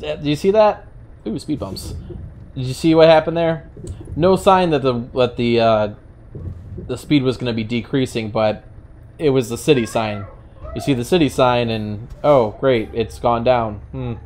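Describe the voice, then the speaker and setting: A man's voice: mid-range voice, a little mellow. New York-accented male host, wry and chatty, talking over a game with truck engine noise behind. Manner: wry, chatty, mock-indignant rants. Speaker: gaming channel host. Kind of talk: casual gameplay commentary.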